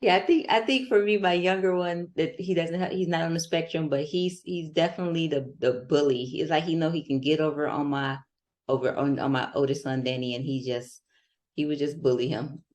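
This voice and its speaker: Podcast host: woman with a low voice, conversational and relatable. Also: fairly even intonation, a little fast, a little mellow. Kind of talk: casual podcast interview.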